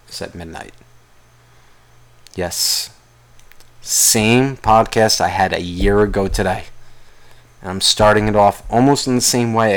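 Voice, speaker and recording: A man hosting his own podcast alone, ranting angrily in a rambling, profanity-heavy way. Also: lowish voice. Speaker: podcast host. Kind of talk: solo podcast rant.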